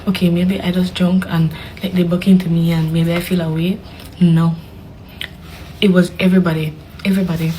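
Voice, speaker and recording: A young woman tells a story casually, animated and dramatic, with hushed asides. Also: medium pitch, a little hiss or hum, poor audio. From Belize. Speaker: vlogger.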